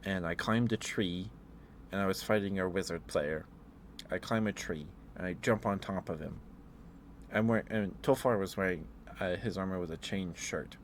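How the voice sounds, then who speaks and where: A man in a soft-spoken ASMR ramble, telling meandering stories with fillers and chuckles. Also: low voice, normal speed, slight background noise. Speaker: ASMR streamer.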